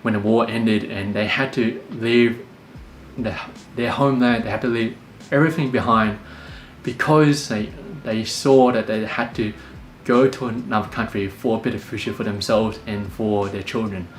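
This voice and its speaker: A young Australian man calmly telling a personal story, full of fillers and restarts. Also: fairly low pitch, normal speed, slight background noise. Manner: calm, many fillers and restarts. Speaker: podcast host. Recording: echoey room with faint music.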